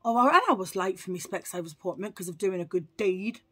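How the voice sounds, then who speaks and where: A woman vlogger telling a story to camera in a chatty, animated way, full of asides. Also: medium pitch, quick pace, husky.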